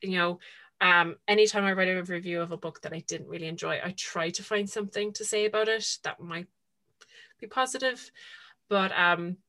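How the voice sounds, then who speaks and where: A woman's voice: on the low side, normal speed, pushed and bright. A woman co-hosting a podcast, rambling casually about a book and peppering her talk with "like". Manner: rambling, full of "like" and retold dialogue. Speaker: podcast co-host.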